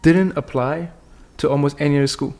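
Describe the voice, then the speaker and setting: A man from China, appearing as a podcast guest, tells his life story earnestly and candidly in conversation, often restarting sentences. His voice is fairly high and darkish in tone, steady, and fairly quick.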